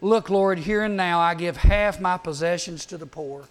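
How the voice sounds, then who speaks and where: This is a grateful tax collector , as a man preacher puts him on, full of eager promises. He speaks in a bright, high voice and piles one offer on top of another. Nothing about him is menacing; he is simply overjoyed. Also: normal speed, lightly acted.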